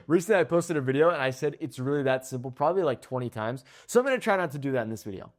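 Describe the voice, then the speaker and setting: A young man teaches Spanish pronunciation straight to the camera. His pitch swings widely as he models each word slowly. He keeps checking in with a quick "okay?" between words. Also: expressive. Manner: slow, drawn-out model words, frequent "okay?" check-ins.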